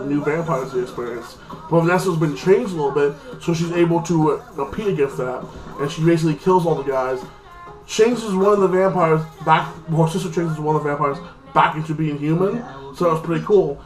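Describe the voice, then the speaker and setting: A man giving a casual, rambling recap of a TV episode, filling his talk with constant "like". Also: fairly high pitch. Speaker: TV episode reviewer. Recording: echoey room with faint music.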